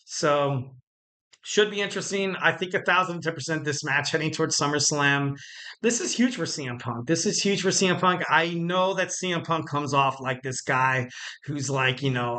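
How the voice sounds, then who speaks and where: A man hosting a wrestling podcast alone, rambling casually with jokes, fillers and quick self-corrections. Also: a little high, bright, forceful tone. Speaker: podcast host.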